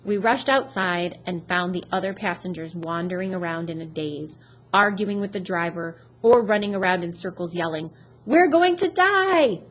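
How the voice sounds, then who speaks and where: A woman narrating an audiobook in a lively, expressive reading style. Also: fairly low pitch, moderate pace, slight background noise, poor audio. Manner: lively expressive reading, voicing characters' shouts.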